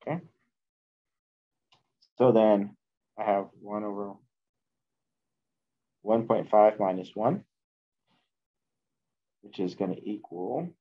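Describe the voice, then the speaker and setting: A man teaching a chemistry class, working through math slowly out loud and correcting himself as he goes. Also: on the low side, highs cut off. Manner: slow, thinking aloud while working math at the board, self-correcting. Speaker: chemistry instructor. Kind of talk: classroom lecture.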